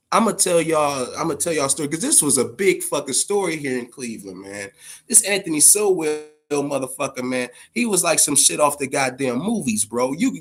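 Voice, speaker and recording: A man hosting a loose live-stream chat, his voice sitting a little high. He swears constantly and rambles, often repeating a line for emphasis. He talks straight to his viewers. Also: a bit bright, husky. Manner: profane and rambling, addresses viewers directly.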